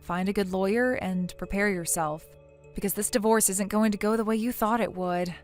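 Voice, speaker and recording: A woman's voice: medium pitch, normal speed, faint music behind, close to an everyday voice. A woman voicing a blunt, lecturing female friend. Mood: stern. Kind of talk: text story narration.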